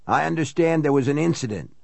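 A man voicing a raspy, elderly, wealthy man who talks in short, annoyed phrases in an audiobook reading. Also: a little high, lively intonation, fast talker, a little mellow, no room sound, voice pushed up. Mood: curt, annoyed. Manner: terse, clipped questions. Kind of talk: audiobook character voice.

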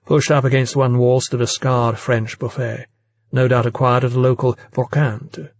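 A man reading a novel aloud as a narrator, in a steady, even storytelling manner. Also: medium pitch, moderate pace, vocal fry, dry recording. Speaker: audiobook narrator. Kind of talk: scripted narration.

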